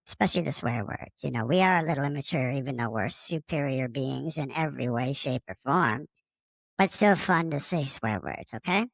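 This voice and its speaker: A man's voice: a little high, vocal fry, fairly bright tone, dry recording. A man playing a friendly, immature male space alien who has taken over a podcaster's body, talking in a rambling, casual way and fond of swearing. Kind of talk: casual improvised monologue.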